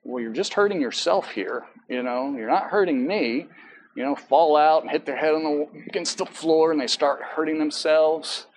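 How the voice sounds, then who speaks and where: A man's voice: fairly high pitch, normal speed, a little hiss or hum, poor audio. A man preaching as pastor in a church, talking in a conversational way with many asides and self-corrections. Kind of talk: sermon. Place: church sanctuary.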